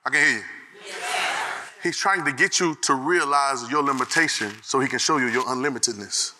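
A man's voice: medium pitch, normal speed, sharp tone. A man preaching a sermon in a dialect, using call-and-response and shifting his tone. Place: church. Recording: echoey hall, faint noise.

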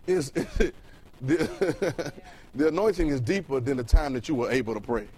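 A male preacher delivers a loose, colloquial sermon with Bible reading, repeating words as he builds a point and firing rhetorical questions at the congregation. His voice is fairly high and a little mellow at a moderate pace, on poor audio with a little hiss or hum.

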